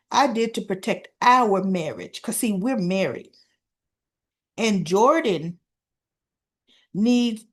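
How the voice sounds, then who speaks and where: A woman recaps soap opera episodes in an easygoing chat with an unhurried, drawn-out delivery. Her voice sits a little high, and she slips into the characters' lines as she retells each scene. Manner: animated retelling, acting out quoted lines.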